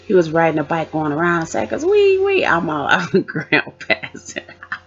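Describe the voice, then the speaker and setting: A woman's voice: low-pitched, flat delivery, a little fast, fairly bright tone. A woman vlogger telling her own story casually, acting out the voices of the people in it. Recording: dull lo-fi sound.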